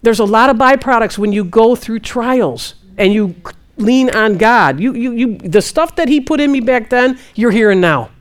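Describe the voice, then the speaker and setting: Animated woman preaching casually. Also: moderate pace. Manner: animated, quotes God in hushed low voice. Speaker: Christian minister answering questions. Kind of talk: casual spiritual teaching.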